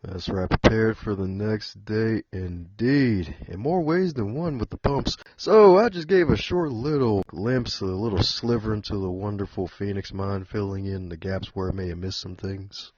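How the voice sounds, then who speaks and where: A man's voice: lowish voice, moderate pace, few pauses, a little mellow, slightly rough, dry recording, dull audio. A man hosting a podcast interview in a playful cowboy-style drawl, chatting casually. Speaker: podcast host.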